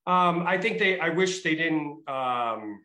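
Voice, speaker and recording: Brief: middle-aged man, New England accent, bright forward tone, chatty guest who tells stories. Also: fairly high pitch, expressive, slow pace, echoey room, rough recording. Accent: Massachusetts and Rhode Island. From Massachusetts. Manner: chatty storyteller, many fillers and restarts. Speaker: state trooper, interview guest. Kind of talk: casual interview.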